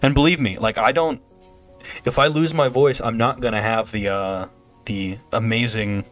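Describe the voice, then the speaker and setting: A young man streams a game and chats loosely to viewers, wandering between jokes and laughing often. His voice sits at an ordinary middle pitch, with soft music faintly underneath. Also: fairly even intonation, moderate pace. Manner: rambling, jokey, laughs often. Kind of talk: casual gameplay stream chat.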